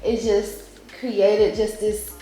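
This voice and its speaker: A young woman talks through a finished home project in a chatty, bubbly way, filling every pause with casual fillers. Her voice sits at a middling pitch. It rings a little off the walls of the room. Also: flat delivery, warm tone, reverberant, soft background music. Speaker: home decor vlogger. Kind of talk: casual chat.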